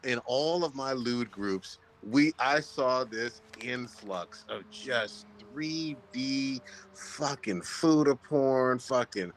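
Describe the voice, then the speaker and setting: A man co-hosting a casual chat, telling crude stories in an emphatic, animated way. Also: medium pitch, slow, slight background noise, low-quality recording. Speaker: podcast co-host.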